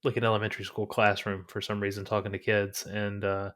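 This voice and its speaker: A man's voice: on the low side, completely flat delivery, quick pace, fairly bright tone. A man co-hosting a movie podcast, telling stories in a laid-back, casual way. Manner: laid-back storytelling with fillers. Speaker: podcast co-host. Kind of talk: casual chat.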